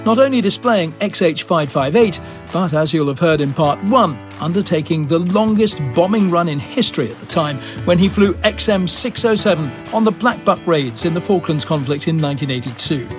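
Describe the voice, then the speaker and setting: Higher-voiced male podcast host. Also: lively intonation, normal speed, soft background music. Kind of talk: scripted podcast outro.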